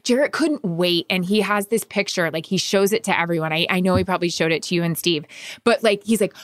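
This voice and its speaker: A woman with a slightly low voice tells a heartfelt story in casual podcast conversation. She is emotional and animated. The sound is dry and close. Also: fairly quick, no echo. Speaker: guest. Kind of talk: casual chat.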